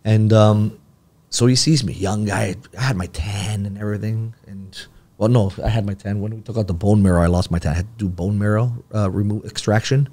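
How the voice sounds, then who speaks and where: A man's voice: fairly low pitch, steady tone, fairly quick, mellow. A man, a podcast guest telling a long personal story in casual talk and acting out the dialogue.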